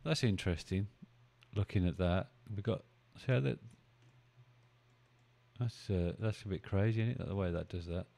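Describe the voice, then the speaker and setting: A man's voice: low-pitched, normal speed, gravelly, pauses often, warm tone. A man hosting a live stream, chatting casually, thinking aloud and bantering with his viewers as he goes. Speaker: live-stream trading host.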